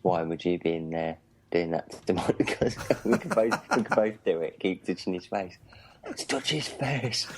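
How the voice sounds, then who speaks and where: A man's voice: deep voice, moderate pace, a little mellow, a little hiss or hum. A man co-hosting a film commentary, cracking dry, crude jokes. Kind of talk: casual jokey commentary.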